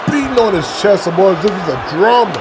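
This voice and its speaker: Excitable high-voiced man calling wrestling. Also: brisk. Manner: excitable, builds to shouted outbursts at big moves; repeats phrases and restarts mid-call. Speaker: play-by-play commentator. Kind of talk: play-by-play commentary on a wrestling video game. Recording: loud game crowd and noise behind. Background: video game arena crowd noise.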